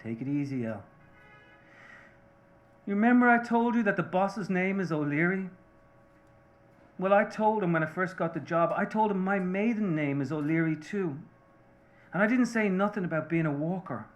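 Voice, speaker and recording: A man reading the part of a remorseful Irish-American mother, a seamstress, confessing earnestly and haltingly to her husband. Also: high voice, lively intonation, highs cut off, pitched above the performer's own voice.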